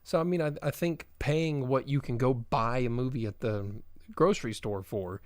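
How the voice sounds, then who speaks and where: A man co-hosting a casual movie chat, talking in a relaxed, chatty way with many filler words. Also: medium pitch, normal speed, no echo, clean studio sound. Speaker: podcast co-host.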